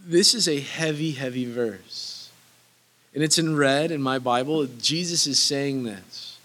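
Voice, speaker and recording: A man's voice: medium pitch, unhurried, a bit bright. A man preaching a sermon that teaches through Bible verses, earnest and emphatic, repeating key phrases for weight, with casual asides. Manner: casual asides that break into laughter.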